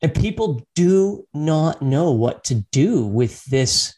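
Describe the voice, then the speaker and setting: A man's voice: a little high, animated, slow, a little mellow. Reflective male podcast host. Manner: reflective, frequent listening murmurs. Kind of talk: casual interview conversation.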